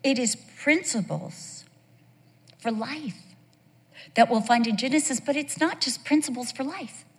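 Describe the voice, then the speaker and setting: A woman teaching a Bible sermon to a women's group, conversational and animated, telling stories with rhetorical questions. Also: high-pitched, a little slow, long reverb tail.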